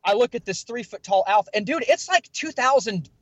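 A man's voice: very high-pitched, normal speed, no room sound. A man in his thirties, a former police officer, telling a rambling casual story on a podcast. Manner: rambling, animated anecdote with filler words. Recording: dry close podcast mic.

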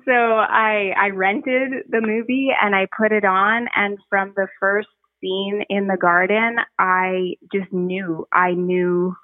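A woman giving a personal testimony as a podcast guest, speaking earnestly and reflectively, with frequent pauses and restarts. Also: mid-range voice, level tone, dry recording. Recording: tinny phone line, dry.

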